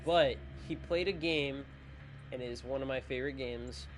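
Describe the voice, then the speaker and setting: A man's voice: medium pitch, normal speed, slight background noise. A tired man hosting a gaming channel, chatting loosely through his video outro in a rambling, self-joking way. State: sleepy, tired. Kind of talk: casual video outro chat.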